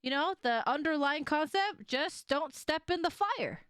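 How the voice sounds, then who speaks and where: Lively, laughing woman streamer. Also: high-pitched, a little slow, no echo, studio quality. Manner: animated, laughs often, swears casually. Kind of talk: casual live game stream chat.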